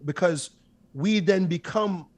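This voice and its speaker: Intense guy in his 30s, kinda higher voice, talks in quick emphatic bursts. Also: a little mellow. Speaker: guest. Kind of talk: candid interview storytelling.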